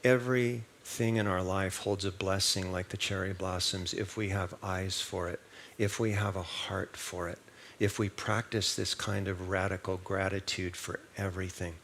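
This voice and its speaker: A man's voice: low-pitched, flat delivery, moderate pace, a bit bright, a little hiss or hum. A man giving a sermon at a church service, telling a story in a conversational way and putting rhetorical questions to the congregation. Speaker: minister.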